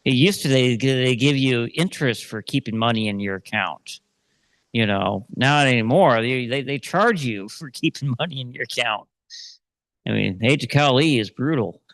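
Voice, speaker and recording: Teacher guy chatting with the class, repeats himself a lot, mid pitch, dry. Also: animated, normal speed, fairly bright tone, no room sound. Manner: conversational, repeats himself with fillers. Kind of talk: casual Q&A talk in a class.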